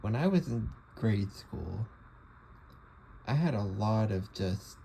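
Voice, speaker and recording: A man's voice: lowish voice, expressive, slow, creaky, mellow, a little hiss or hum, poor audio. A young man talking casually to the camera, rambling with lots of fillers and restarts. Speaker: vlogger. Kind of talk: casual monologue.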